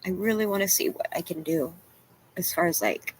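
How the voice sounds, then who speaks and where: A woman's voice: on the low side, expressive, a little fast, a little hiss or hum. Tearful woman rambling to her viewers. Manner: rambling, tearful, self-deprecating, with many "you know"s. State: crying at times. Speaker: vlogger. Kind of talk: emotional venting to camera.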